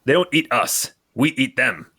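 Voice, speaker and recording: A man voicing a brutish male monster who threatens in a low, gruff voice. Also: very animated, normal speed, bright, forceful tone, dry recording, clean studio sound, exaggerated voice. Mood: scornful.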